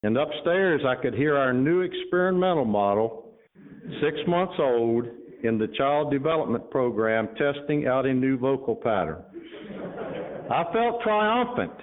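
A man's voice: mid-range voice, sing-song, a little slow. A man preaching a sermon to his congregation, mixing earnest exhortation with casual asides, then reading a story aloud. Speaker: pastor. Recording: tinny phone-like sound.

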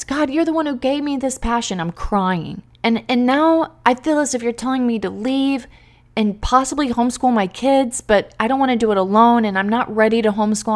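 A woman hosting a podcast, talking earnestly and emotionally straight to her listeners in a heartfelt, faith-based way. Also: a little high. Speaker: podcast host and teacher coach.

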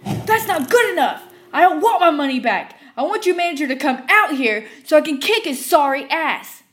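A woman's voice: high-pitched, sing-song, normal speed, fairly bright tone, pitched above the performer's own voice. A woman voicing a furious man in his fifties who screams and curses at a drive-thru worker. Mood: enraged. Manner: screaming, cursing, ranting.

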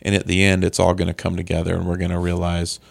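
Low gravelly-voiced man, casual podcast chat. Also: monotone, fast talker. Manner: easygoing, speculative, jokey. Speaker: podcast co-host.

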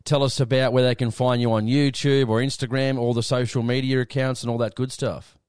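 A man's voice: medium pitch, flat delivery, brisk, a little mellow, smooth, no room sound, studio quality. An Australian man hosting a podcast interview, friendly and matey in a casual chat. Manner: friendly, matey, says "mate" often. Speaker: podcast host.

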